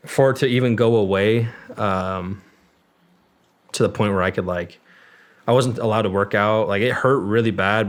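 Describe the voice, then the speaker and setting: Low-voiced young man telling a rambling story. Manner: rambling and candid, with fillers and swearing. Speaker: guest, former Marine. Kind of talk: casual storytelling interview.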